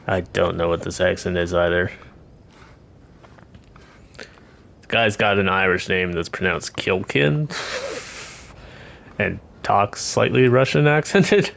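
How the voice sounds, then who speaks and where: A man's voice: low voice, slow pace, gravelly, pauses often, a bit bright. A man streaming a video game, chatting casually and joking at himself. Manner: chatty, self-deprecating, laughs at himself. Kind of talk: casual gameplay commentary.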